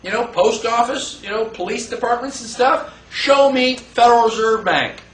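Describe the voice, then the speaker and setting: An animated man with a high voice lectures a class, firing rhetorical questions at the room and acting out the voices of the people he quotes. He is recorded from far off in an echoey classroom. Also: moderate pace. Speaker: teacher.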